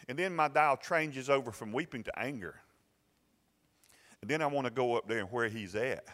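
A man's voice: mid-range voice, fairly bright tone. A middle-aged man with a Southern American accent telling a personal story in a sermon, folksy, stumbling over repeated words and chuckling often. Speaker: pastor. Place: church sanctuary. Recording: long reverb of a hall.

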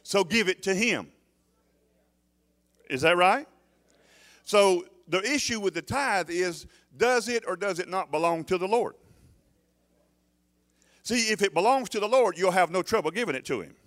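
A man's voice: sits high, fairly bright tone. Emphatic preacher man. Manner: emphatic preaching, questioning the congregation, repeats words. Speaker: pastor. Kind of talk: sermon.

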